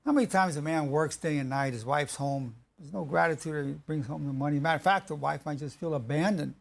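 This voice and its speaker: Emphatic man with a gravelly voice. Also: fairly high pitch. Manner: emphatic, repeats key phrases slowly; halting restarts mid-sentence. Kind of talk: spoken lecture on marriage.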